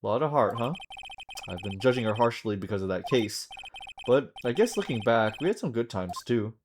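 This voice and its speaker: Man doing a low-key, wry young lawyer, near his own voice. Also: animated, normal speed, background noise, natural voice. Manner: dry, wry, understated. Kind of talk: reading game dialogue aloud on stream.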